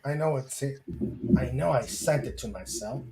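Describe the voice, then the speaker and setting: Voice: medium pitch, moderate pace, noisy background. A podcast host chatting casually in an easygoing way. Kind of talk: casual chat.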